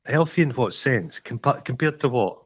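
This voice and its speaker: A man's voice: mid-range voice, lively intonation, moderate pace, breathy edge. A Scottish man co-hosting a casual podcast, teasing his friend and telling stories with mock grandeur. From Scotland. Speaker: podcast co-host. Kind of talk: casual chat. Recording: dull lo-fi sound.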